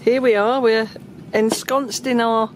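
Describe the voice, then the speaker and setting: A woman's voice: fairly high pitch, fairly even intonation, a little slow, a little hiss or hum. A woman filming a casual travel vlog with a handheld camera, teasing her companion with dry humor. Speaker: vlogger. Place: in a car, then a desert cabin.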